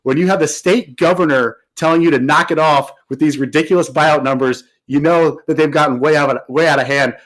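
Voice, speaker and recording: A man co-hosting a podcast, telling a sports story in an animated, emphatic way. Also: a little high, brisk, hardly any pauses, low-quality recording. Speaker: podcast co-host. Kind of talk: casual sports talk.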